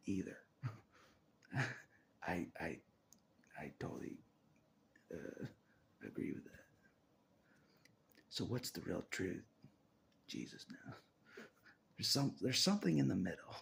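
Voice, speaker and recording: A man's voice: low-pitched, very animated, slow pace, creaky, pauses often, a bit bright, a little hiss or hum. A man talking on his own about faith, half-whispering and laughing often as he rambles in a restless, searching way. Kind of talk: rambling spiritual monologue.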